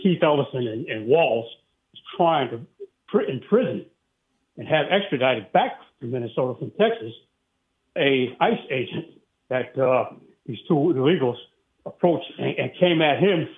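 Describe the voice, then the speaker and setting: This upstate New Yorker from Saratoga Springs rings a radio show, heard through a tinny phone connection. His mid-range voice has lively intonation at a normal speed, and he gets worked up, rambling breathlessly with plenty of fillers.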